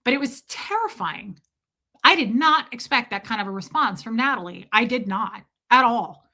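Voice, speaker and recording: Acting out the people in her story, a woman on a casual livestream tells it emphatically. She speaks at a normal speed in a fairly high, animated voice with a sharp tone.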